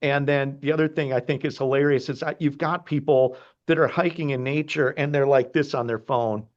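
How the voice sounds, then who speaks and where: A man's voice: medium pitch, fairly even intonation, brisk, highs cut off. A man hosting a podcast over a video call, earnest and effusive. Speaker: podcast host. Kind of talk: casual conversation.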